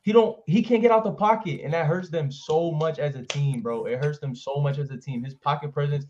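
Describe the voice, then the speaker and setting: A man argues football on a panel show in a blunt, insistent way. His voice sits slightly high. The sound is dull and lo-fi, with faint noise underneath. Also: fairly quick, darkish tone. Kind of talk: heated sports debate.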